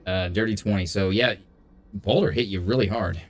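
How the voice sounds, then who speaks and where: A man running a tabletop game as game master, giving brisk, matter-of-fact rulings. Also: on the low side, slight background noise.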